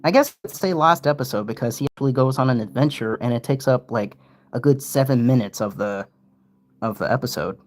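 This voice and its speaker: Speaking a little fast at a medium pitch, this young man streams loose, meandering commentary. His delivery is lively, and he often interrupts his own sentences.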